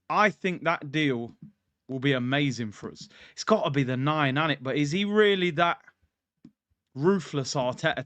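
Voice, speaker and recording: A man's voice: a little high, a bit bright, no room sound. A man hosting a casual football livestream, hyped, slangy and jokey. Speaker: football channel host. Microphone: streaming mic.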